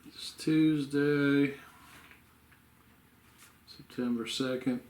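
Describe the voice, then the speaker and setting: Sleepy guy rambling at home, middle pitch, roomy echo. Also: steady tone, extremely slow, a little mellow, slight background noise. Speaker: vlogger. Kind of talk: casual home health vlog. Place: home room.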